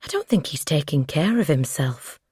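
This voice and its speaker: A woman's voice: low voice, lively intonation, normal speed, darkish tone, slightly rough, dry recording, clean studio sound, full character voice. Woman voicing a caring, earnest woman. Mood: concerned. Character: caring young-adult woman, concerned.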